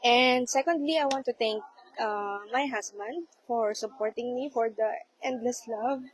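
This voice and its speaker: Heartfelt Filipino woman, bright higher voice. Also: measured pace, poor audio. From Philippines. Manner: polite and heartfelt, with frequent hesitations. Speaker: low-carb vlogger. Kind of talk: casual livestream talk.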